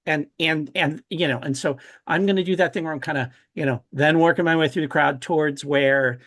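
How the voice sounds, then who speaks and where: A man playing in a tabletop game, talking slowly with many fillers and restarts. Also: a little high, fairly even intonation, a bit bright. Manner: slow, halting, full of fillers. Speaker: player. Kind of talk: tabletop role-play.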